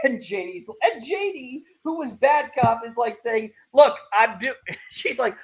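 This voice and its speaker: High-voiced man animatedly retelling an anime. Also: normal speed. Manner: animated retelling, acts out characters' lines. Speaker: podcast host. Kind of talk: casual anime review chat.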